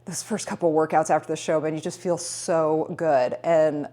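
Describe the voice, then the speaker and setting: Woman, 30s, casual vlogger, low-ish voice, rambling and upbeat. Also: steady tone, normal speed, mellow. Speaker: fitness vlogger. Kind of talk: casual vlog chat.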